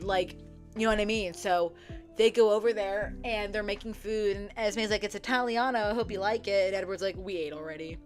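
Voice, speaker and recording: A young woman casually retelling a story to her viewers, chatty and profane, full of "like" fillers, acting out characters' lines in quick quotes. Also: mid-range voice. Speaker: book vlogger. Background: faint background music.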